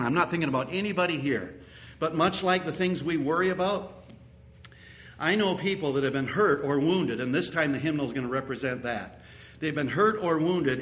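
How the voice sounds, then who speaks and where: Earnest and slightly high in pitch, this man delivers a sermon from the pulpit as a pastor. He circles back to key phrases and at times bursts into loud exclamations.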